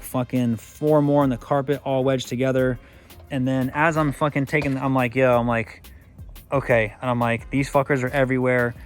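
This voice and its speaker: A man vlogging about his car, telling a rambling, casual story full of swearing and filler phrases. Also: mid-range voice.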